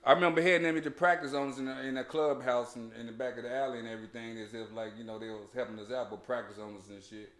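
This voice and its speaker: A man telling a childhood story in casual chat, animated and laughing, full of slang and restarts. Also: medium pitch, very fast, few pauses. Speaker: podcast host. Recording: echoey room.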